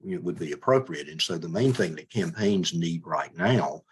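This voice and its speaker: A man, a judicial candidate, answering interview questions in a measured way, often stumbling and repeating words. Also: low-pitched, expressive, husky.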